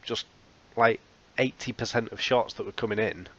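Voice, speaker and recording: A man's voice: medium pitch, moderate pace, a bit bright, highs cut off. A man hosting a football management let's play, recapping results in a casual, wry, self-mocking way. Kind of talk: casual game commentary.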